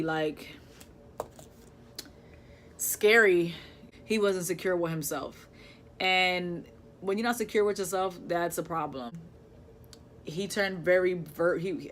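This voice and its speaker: A young woman, telling a personal story in a casual, halting, emotional way with many fillers. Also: lowish voice, slight background noise. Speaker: vlogger.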